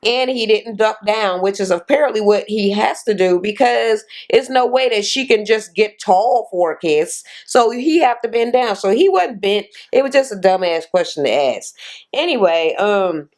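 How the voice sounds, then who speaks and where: A woman's voice: medium pitch, expressive, moderate pace, a little mellow. A woman vlogger recapping a reality TV episode in a casual rant. She is blunt, profane and sarcastic. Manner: sarcastic commentary.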